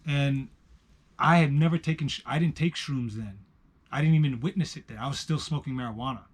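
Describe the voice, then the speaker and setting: Telling stories in casual conversation, this man speaks a little fast with a New York accent and a husky, mid-range voice. His delivery is profane and emphatic, moving between loud outbursts and quiet asides.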